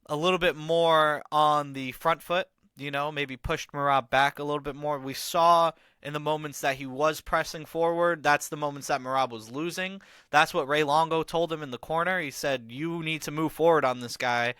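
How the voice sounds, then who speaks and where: A man talks through a fight on his own podcast, rambling with plenty of fillers and casual slang. His voice is bright and crisp, and it sits close and dry on the mic with no room sound around it. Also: fairly high pitch, steady tone, moderate pace, few pauses, no room sound. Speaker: podcast host. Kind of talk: casual fight analysis monologue.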